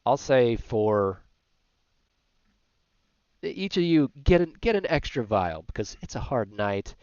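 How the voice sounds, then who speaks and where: A man's voice: medium pitch, very animated, unhurried, a little mellow, clear, resonant tone, dry recording, highs cut off. A man serving as game master, explaining rules in a loose, rambling way with many fillers. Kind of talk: running a tabletop game, casual chat.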